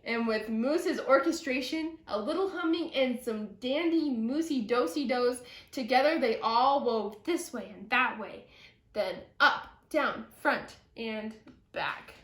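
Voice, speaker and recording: A woman reading a children's picture book aloud in an expressive storytelling manner, with a few small slips. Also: on the high side, slow pace. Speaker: storybook reader. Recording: echoey room.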